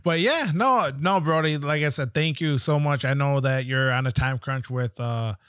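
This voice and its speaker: A man's voice: medium pitch, normal speed, fairly bright tone, clear, resonant tone, dry recording, studio quality. A man hosting a podcast in a laid-back, casual chat, swearing now and then as he jokes with his guest. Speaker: podcast host.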